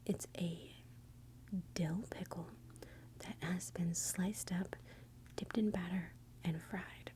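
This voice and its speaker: A Texan woman hosts an ASMR channel, whispering close to the mic with a Texan accent. Her fairly low voice stays fairly even and slow, with long pauses, as her commentary rambles and she interrupts herself.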